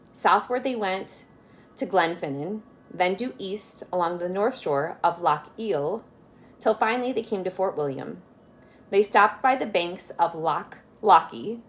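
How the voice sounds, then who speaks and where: A woman reading a children's chapter book aloud, adding friendly asides that explain words to young listeners. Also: mid-range voice. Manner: adds asides and explanations for kids. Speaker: storyteller.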